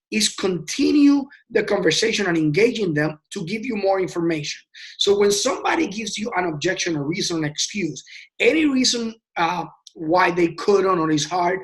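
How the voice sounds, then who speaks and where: A man teaching a sales training session in a casual, passionate way, often repeating words and restarting sentences. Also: sits high. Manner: passionate and emphatic.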